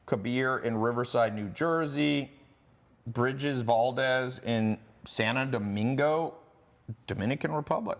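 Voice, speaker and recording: A man hosting a course livestream, pitching in a brash, joking way and talking fast in bursts. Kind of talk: casual sales pitch livestream.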